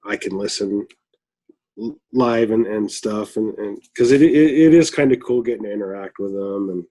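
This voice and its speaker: A man's voice: on the low side, normal speed, mellow. A middle-aged man from Flagstaff chatting casually as a listener guest, rambling with lots of fillers and little chuckles. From Flagstaff, Arizona. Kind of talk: casual chat.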